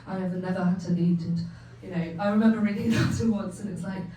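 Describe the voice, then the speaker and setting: A woman's voice: mid-range voice, steady tone, quick pace, warm tone. A young woman from England performing a stand-up set, chatty and self-mocking, laughing often as she acts out her family. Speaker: stand-up comedian. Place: comedy club stage. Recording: echoey venue from far off, faint hum.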